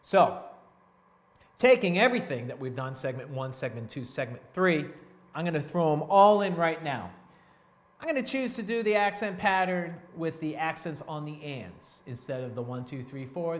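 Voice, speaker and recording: Laid-back man teaching drums. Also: on the high side. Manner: relaxed, explains step by step, counts beats aloud. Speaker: drum teacher. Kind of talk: casual drum lesson. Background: drum playing.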